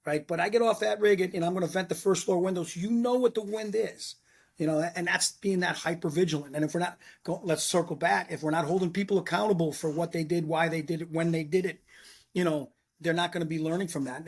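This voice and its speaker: A middle-aged man, a former fire lieutenant telling blunt stories in a casual chat and acting out what people said. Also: on the high side. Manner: blunt, animated storyteller who acts out quotes. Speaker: retired fire lieutenant, podcast guest.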